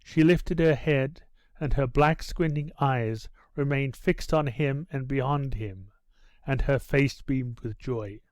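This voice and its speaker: A male audiobook narrator reading a classic novel in steady, unhurried scripted narration. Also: medium pitch, no room sound.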